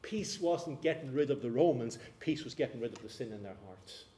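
A man's voice: mid-range voice, animated, a little fast, dark tone, echoey room, slight background noise. A man preaching a sermon in a church, earnest and often repeating words as he searches for the phrase. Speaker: pastor.

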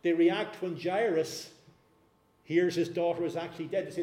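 A man preaching a sermon, telling a scripture story in an animated way. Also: fairly high pitch, normal speed, roomy sound.

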